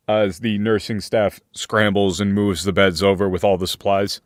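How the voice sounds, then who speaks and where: A man running a tabletop game as game master, setting scenes in slow, deliberate description. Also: fairly low pitch, fairly even intonation, no room sound, clean studio sound.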